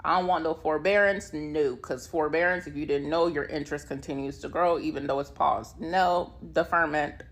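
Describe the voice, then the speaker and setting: A woman telling an animated, dramatic story about a phone call and acting out her own replies. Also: low voice, moderate pace, hardly any pauses.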